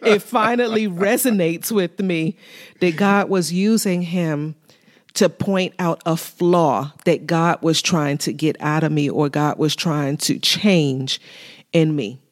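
A woman's voice: low voice, slow. Candid, joking woman talking faith. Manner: candid, humorous storytelling. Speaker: co-host of a married couple's faith talk show. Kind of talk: casual faith talk about marriage.

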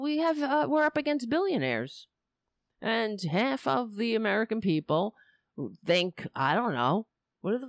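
A woman hosts a political livestream from home on a cheap microphone and headphones, ranting bluntly and profanely to her chat with clear exasperation. Her medium-pitched voice has vocal fry, and the audio is studio quality with no room sound.

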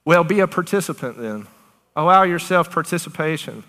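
A woman preaching a charismatic sermon, animated and excited, often laughing between phrases. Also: low-pitched, normal speed. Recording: long hall reverb.

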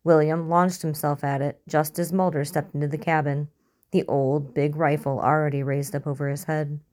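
A woman narrating a story in an even, measured reading style. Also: sits low. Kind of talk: audiobook reading of fiction.

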